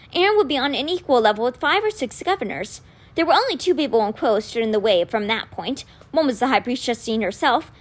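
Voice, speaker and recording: A woman reading a children's novel aloud with expressive storytelling. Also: a little high. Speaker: reader.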